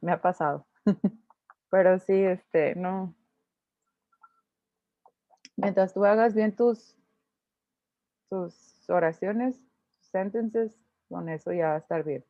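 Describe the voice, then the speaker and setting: A woman with Spanish as her teaches English in an online class, explaining grammar step by step and restarting her sentences as she thinks. Her voice sits a little low. The sound is thin and phone-like, and dry with no room echo. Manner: explains patiently, with frequent restarts and thinking aloud. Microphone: video call. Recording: tinny video-call audio, dry.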